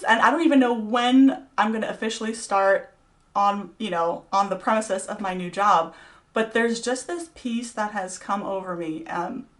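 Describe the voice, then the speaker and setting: A woman's voice: medium pitch, fairly bright tone. A middle-aged woman giving a casual devotional talk to college students, chatty and encouraging, with many fillers. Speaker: college vespers speaker.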